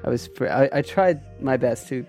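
A man's voice: mid-range voice, normal speed, darkish tone, soft background music. A man co-hosting a live podcast stream, talking casually and rambling, with many restarts and fillers. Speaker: podcast co-host streaming on Twitch.

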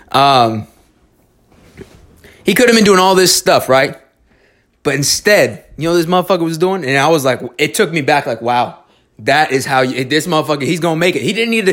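Here a man with a slightly high, somewhat bright voice rambles through a casual story and some earnest pep-talk advice about life. He doesn't mince words, swears a lot, and trips over restarts.

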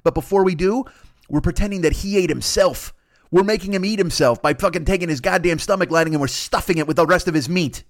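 A man's voice: sits high, fast. Profane rambling comedy podcaster, man. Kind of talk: improvised comic rant.

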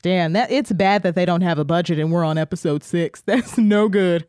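A woman's voice: lowish voice, normal speed, darkish tone, smooth, no echo, studio quality. A woman co-hosting a podcast, recapping a TV episode in casual chat with crude, profane jokes. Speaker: podcast co-host.

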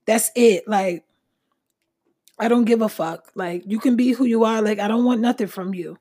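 A woman's voice: a little high, normal speed, dark tone, husky. A woman hosting her own podcast, talking bluntly and with a lot of swearing in a casual self-help monologue, noticeably short of breath. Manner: blunt, profane, emphatic. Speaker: podcast host.

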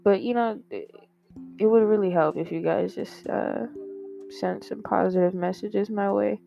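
A woman's voice: medium pitch, fairly even intonation, unhurried, gravelly, dark tone. A young woman hosting a podcast, talking in a rambling, candid confessional way with many fillers and some swearing into a microphone. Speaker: podcast host. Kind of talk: casual confessional monologue. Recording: dull lo-fi audio with faint guitar music.

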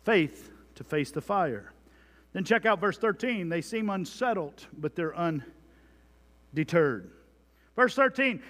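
Pastor, male, high voice, emphatic sermon delivery, long church reverb. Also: expressive, takes it slowly, pauses often, a bit bright. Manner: emphatic preaching, dramatic readings of scripture.

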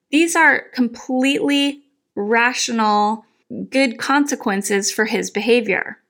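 A woman's voice: fairly high pitch, fairly bright tone. A middle-aged woman giving firm, step-by-step advice as a self-help coach, talking straight to her audience. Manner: firm, instructive, emphatic. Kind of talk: direct-to-camera advice talk.

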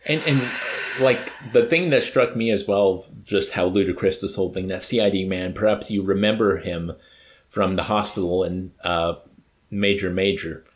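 A man's voice: deep voice, normal speed. A man reading a novel aloud expressively, then talking it over with a co-host. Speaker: reader and co-host. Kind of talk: audiobook reading and book discussion.

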